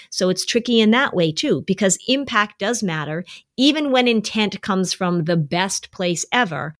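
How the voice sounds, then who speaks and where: A woman hosting an advice show tells stories in a relaxed, easygoing way. She talks straight to her listeners and playfully acts out the people she quotes. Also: mid-range voice, moderate pace. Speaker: podcast host, family advice. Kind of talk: casual advice talk to listeners.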